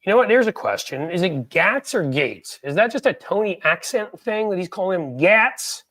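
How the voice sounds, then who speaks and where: Joking, rambling host from New York City. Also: male voice, high-pitched, expressive, normal speed, fairly bright tone, no room sound. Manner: joking, rambling, self-deprecating. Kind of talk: casual live-stream chat.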